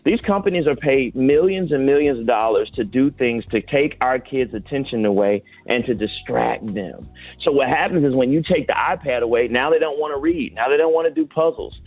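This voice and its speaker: A man's voice: medium pitch, fairly quick, soft background music. A man speaking as a guest doctor on a radio morning show, giving earnest, explanatory advice about kids and screens. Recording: phone-line sound, dry.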